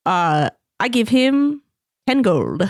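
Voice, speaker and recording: A woman's voice: on the high side, sing-song, takes it slowly, no room sound, clean studio sound. A woman playing a tabletop game, chatty and laughing, who says "wee bit" and "me darling". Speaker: player.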